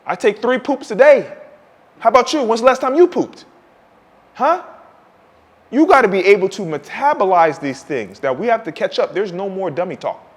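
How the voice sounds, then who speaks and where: Man, 40s, high-pitched podcast host, fiery tough-love motivational rant, reverberant room. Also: expressive, moderate pace. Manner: loud, preachy, swings between shouting and muttering.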